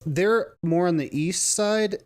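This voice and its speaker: A man's voice: sits high, takes it slowly. A man co-hosting a casual podcast chat, rambling with frequent restarts and laughs. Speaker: podcast co-host.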